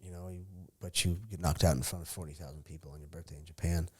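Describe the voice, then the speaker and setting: A middle-aged man with a lowish voice, sharing stories as a podcast guest. He swears a lot and laughs as he goes, in a loose, chatty way. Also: fairly even intonation, fast. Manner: profane, storytelling, laughs often. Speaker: podcast guest, former fighter. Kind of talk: casual chat.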